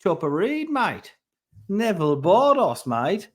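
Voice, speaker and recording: A man putting on an exaggerated Australian accent, impersonating a gruff crime-figure man and drawing out every mate. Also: high-pitched, sing-song, pitched above the performer's own voice, exaggerated voice. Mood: teasing. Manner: exaggerated, drawn-out, repeats mate.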